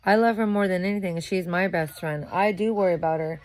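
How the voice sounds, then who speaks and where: A sleep-deprived young new mother rants to the camera in a casual, profane monologue. Her voice sits a little low, and she keeps swearing as she gets heated. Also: quick pace. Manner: profane, ranting, grows louder and heated. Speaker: vlogger.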